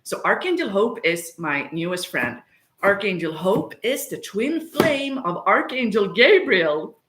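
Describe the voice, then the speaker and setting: A woman's voice: mid-range voice, sing-song, a little slow, background noise. A woman, chatting casually and rambling off topic on a livestream from her home kitchen. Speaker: spiritual medium livestreaming. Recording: echoey room sound.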